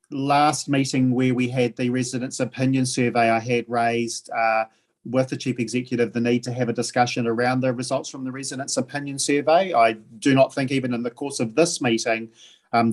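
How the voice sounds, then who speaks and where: A man with a New Zealand accent chairing a council meeting, speaking haltingly with many fillers and restarts. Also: mid-range voice.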